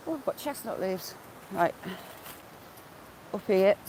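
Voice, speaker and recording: Walking along a wooded river, a woman live-streams casual chat and says hello to viewers by name. Her medium-pitched voice is warm and animated, and she speaks slowly. The low-quality audio carries faint outdoor background noise.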